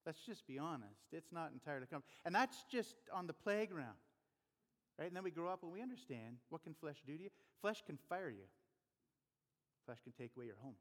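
A man's voice: a little high, expressive, fairly quick, a bit bright, in a large hall. A man preaching a sermon as a pastor, in an earnest, conversational way with rhetorical questions.

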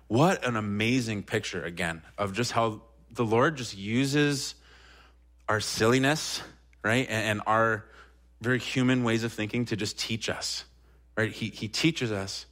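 A man's voice: lowish voice, fairly bright tone. A young man preaching a sermon in a church, talking conversationally, tossing in frequent "right?" asides and rising animatedly when he quotes Peter. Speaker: pastor.

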